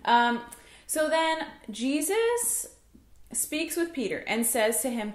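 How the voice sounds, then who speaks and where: A woman's voice: fairly high pitch, very animated, measured pace. A young woman teaching a Sunday school lesson at home, telling the story with playful voices. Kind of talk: children's Bible lesson. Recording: echoey room.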